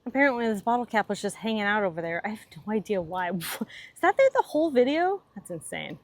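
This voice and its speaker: A woman's voice: mid-range voice, sing-song, brisk, no echo. A young adult woman hosting a casual cooking vlog, chatty and playful as she demonstrates outdoors. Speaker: host. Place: outdoors at a cabin.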